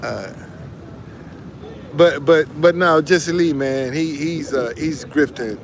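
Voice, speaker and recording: A man's voice: fairly high pitch, takes it slowly. A man giving casual, preachy motivational talk, repeating phrases and restarting often, and answering viewers as he goes. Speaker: online commentator.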